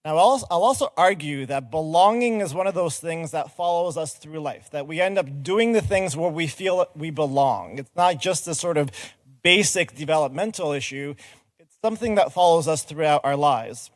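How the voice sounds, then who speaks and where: A man's voice: a little high, lively intonation, normal speed, dry recording. Earnest man giving a conference talk. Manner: earnest, explanatory, audience-engaging. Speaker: conference speaker. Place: conference stage.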